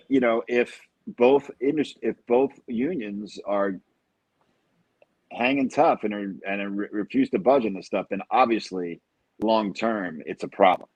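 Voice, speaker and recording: Husky low-voiced middle-aged man. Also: no room sound, rough recording. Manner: reflective, measured, with frequent "uh" pauses. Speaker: actor guest. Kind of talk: casual podcast conversation.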